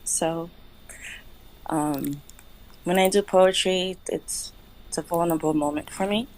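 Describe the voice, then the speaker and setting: A woman performing spoken-word poetry over a video call, slow and deliberate, emotional and close to tears. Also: lowish voice, a little mellow, low-quality recording. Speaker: featured poet.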